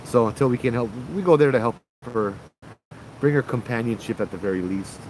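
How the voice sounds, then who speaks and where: Casual male livestream host with a Hawaiian Pidgin accent, mid-pitched and chatty, background noise and vehicles heard behind him. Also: fairly quick. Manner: chatty, reads viewer comments aloud, frequent "right?". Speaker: paranormal show host.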